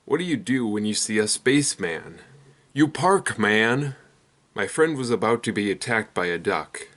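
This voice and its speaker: A young man hosting his own channel, telling a rapid string of one-liners in a deadpan way. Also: lowish voice. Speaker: comedy channel host. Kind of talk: rapid-fire joke telling.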